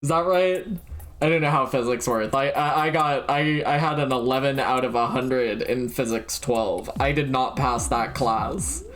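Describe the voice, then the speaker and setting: A woman's voice: extremely low pitch, unhurried. A young woman streaming a game, blurting out guesses, swearing freely and laughing at herself. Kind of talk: casual gameplay commentary.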